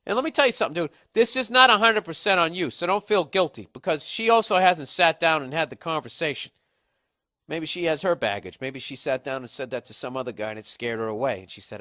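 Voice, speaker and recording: A man hosting a comedy podcast, ranting advice in a blunt, profane, animated way. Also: a little high, fairly quick, no echo.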